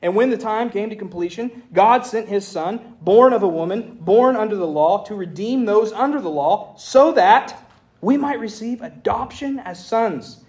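High-voiced man preaching a sermon. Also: normal speed, few pauses. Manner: animated preaching, reads scripture aloud, folksy asides. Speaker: pastor.

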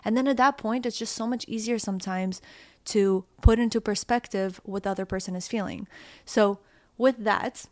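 A woman's voice: medium pitch, steady tone, normal speed, a little mellow, no echo. Chatty young woman podcast co-host. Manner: chatty, laughs easily, acts out quoted voices. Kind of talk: casual couple's podcast chat.

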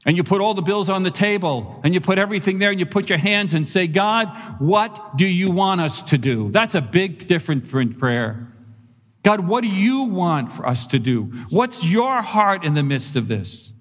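A male pastor preaching a sermon in a church, animated and conversational, repeating phrases for emphasis. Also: sits high, normal speed. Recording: long reverb of a large hall.

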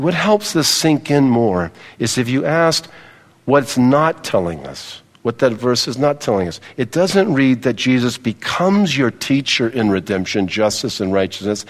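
A man's voice: medium pitch, in a large hall. A male pastor preaching a sermon, emphatic, repeating key phrases and calling on the congregation to respond.

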